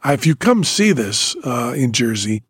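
A man's voice: medium pitch, big pitch swings, normal speed, a bit bright, husky, dry recording, studio quality. An older man hosting a casual chat, rambling and teasing his daughter. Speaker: podcast host.

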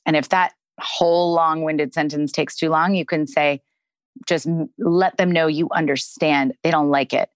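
A woman who is a parenting expert, calmly explaining discipline in a podcast Q&A and modelling kind phrases to say to children. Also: low voice, normal speed, dry recording. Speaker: parenting expert answering listener questions. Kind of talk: podcast advice Q&A.

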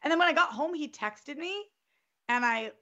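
A young woman co-hosting a casual chat, telling an animated story and swearing freely. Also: sits high, normal speed, lo-fi sound. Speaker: podcast co-host.

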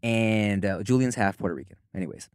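A man's voice: fairly low pitch, lively intonation, brisk, a little mellow, clear, resonant tone, dry recording, studio quality. A young man from Southern California, co-hosting a podcast and telling casual stories with swearing and laughter. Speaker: podcast co-host. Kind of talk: casual storytelling chat.

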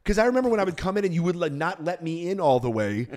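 Animated, teasing male podcast host. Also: high voice, very fast. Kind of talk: casual chat.

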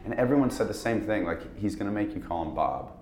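Man, interview guest, self-deprecating storyteller, lowish voice, roomy echo. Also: lively intonation, fast, a little mellow, slight background noise. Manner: rambling, self-deprecating storyteller, laughs often. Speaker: actor guest. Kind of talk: casual interview chat.

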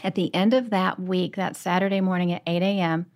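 A woman's voice: lowish voice, steady tone, fairly quick, darkish tone. Earnest woman author telling her story. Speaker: author guest. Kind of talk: personal storytelling.

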